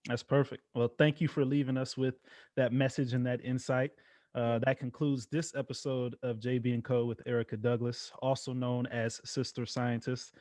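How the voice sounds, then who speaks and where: Young man, podcast host; mid-pitched voice, close dry recording, casual and upbeat. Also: little pitch movement, normal speed, a little mellow, no room sound. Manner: brief affirmations, upbeat sign-off. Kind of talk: casual interview.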